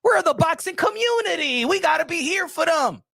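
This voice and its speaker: High gravelly man ranting about boxing. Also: animated, normal speed, no room sound, studio quality. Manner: loud, preachy, repeats himself, addresses the subject directly. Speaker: boxing commentary channel host. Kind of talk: emphatic boxing commentary vlog.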